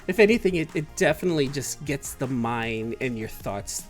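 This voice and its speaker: A man hosting a casual comic book chat, animated and quick to laugh. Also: mid-range voice, faint music behind. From San Francisco Bay Area. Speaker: host.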